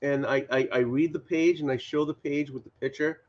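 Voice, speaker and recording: Male, Boston accent, animated chatter, muffled lo-fi audio. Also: fairly high pitch, a little fast. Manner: animated, insistent, repeats himself. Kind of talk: casual chat.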